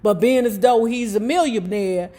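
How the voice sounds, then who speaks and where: A woman with a fairly high, mellow voice reads a memoir aloud to her viewers at a moderate pace. She keeps breaking off into chatty asides full of slang and profanity.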